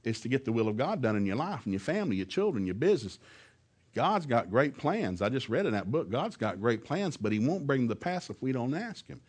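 A man preaches a sermon to a congregation in a homespun, emphatic voice. He chuckles between lines, then climbs to loud, fervent peaks whenever he quotes scripture. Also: mid-range voice, big pitch swings, fairly quick, slightly rough. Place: church service before a congregation.

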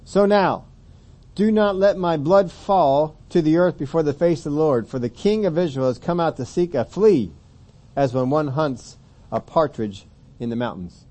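A man's voice: on the high side, normal speed, dark tone. A man preaching a conversational sermon, reading scripture aloud and rising to emphatic questions.

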